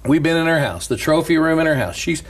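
A man with a slightly husky voice tells a story as a pastor, lively and swinging up and down in pitch. He laughs often and slips into a rhythmic preaching cadence when he gets going. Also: quick pace. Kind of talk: storytelling sermon-style chat.

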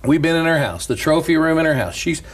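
A middle-aged man, a pastor, telling a story in an animated, preacher-like way and laughing as he goes. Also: on the high side, fast. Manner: lively, laughs through stories, preacher's cadence.

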